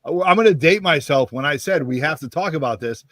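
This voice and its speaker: A man's voice: on the high side, expressive, a little fast, crowd noise. A man co-hosting a casual podcast chat who eagerly asks his guest questions. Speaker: podcast co-host.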